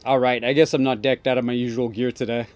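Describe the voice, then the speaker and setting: A man's voice: mid-range voice, level tone, fast talker, darkish tone, dry recording, natural voice. A man voicing a sarcastic, bored teenage girl gang boss with an offhand way of talking. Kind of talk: reading game dialogue aloud.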